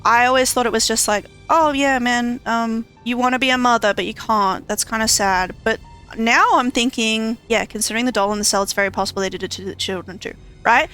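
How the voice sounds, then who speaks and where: Bright-voiced, swearing woman game streamer. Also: a little high, steady tone, brisk, smooth, faint music behind. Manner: exclamatory and profane, often laughing. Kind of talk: casual let's-play commentary.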